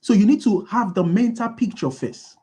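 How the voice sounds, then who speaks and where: A man's voice: high-pitched, animated, normal speed, dark tone, slightly rough. A man giving a motivational business talk, repeating key lines and asking his listeners to fill in the answers. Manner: asks the audience call-and-response questions. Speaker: business speaker.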